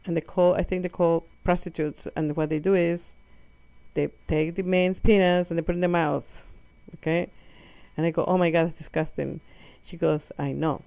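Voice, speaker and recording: Woman comic, non-native English accent, rambling self-correcting storyteller, mellow tone, lo-fi close sound. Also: fairly low pitch, steady tone, normal speed, no echo. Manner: rambling, self-correcting, acts out her mother's lines. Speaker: comedic storyteller. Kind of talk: comic monologue. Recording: muffled lo-fi audio.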